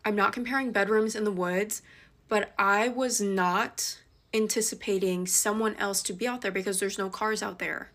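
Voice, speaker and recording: Young woman telling a dramatic storytime. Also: mid-range voice. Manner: animated and dramatic, shifting between fast rushes and slow emphasis. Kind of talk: casual spoken storytime.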